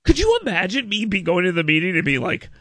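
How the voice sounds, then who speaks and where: A male radio show host in casual talk radio banter, animated and rambling, often restarting words and stammering. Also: high voice, fast, no room sound, clean studio sound.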